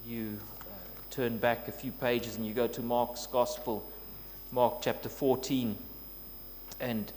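A man's voice: medium pitch, level tone, slow, darkish tone. A man preaching a sermon in an earnest way, building to emphatic scripture quotes. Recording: long reverb, faint noise with hum.

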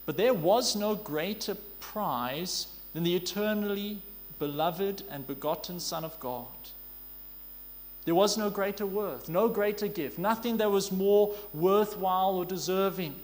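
A man preaching a sermon in an earnest way, asking rhetorical questions and drawing out key words slowly. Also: high-pitched. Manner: earnest, rhetorical questions, slow emphatic stresses. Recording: long hall reverb.

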